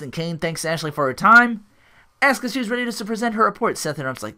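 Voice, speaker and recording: A man's voice: high-pitched, animated, a little fast, bright, forceful tone. A man hosting a podcast, casually recapping a show in a rambling way, full of restarts and asides. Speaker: podcast host.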